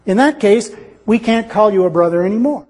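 A man's voice: high voice, expressive, a little fast, a little mellow, in a large hall. A man preaching a sermon in an earnest, reasoning way, acting out little dialogues to make his point.

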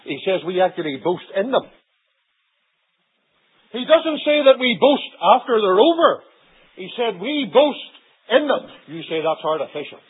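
Male preacher, husky high voice, dramatic loud-soft swings; old narrow-band sermon recording. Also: big pitch swings, a little slow, long pauses. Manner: dramatic swings between loud emphatic lines and low quiet asides.

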